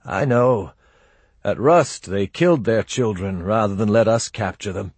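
A husky, world-weary army colonel, as a man reads him in a storybook reading, speaking plainly and with dry wit. The voice sits low, close and dry. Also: measured pace, a little mellow, no echo. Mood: somber. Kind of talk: audiobook character voice.

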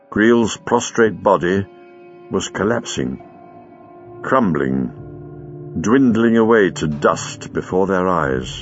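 A man narrating a story in an expressive, dramatic reading style, on a dull lo-fi recording. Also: sits low, slow, breathy edge, faint music behind. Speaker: audiobook reader. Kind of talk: scripted narration.

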